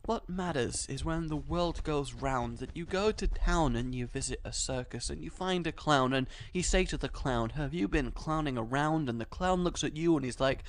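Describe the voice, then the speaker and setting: A man's voice: on the high side, moderate pace, hardly any pauses. A man who makes gaming videos, rambling through an absurd comedic story full of tangents.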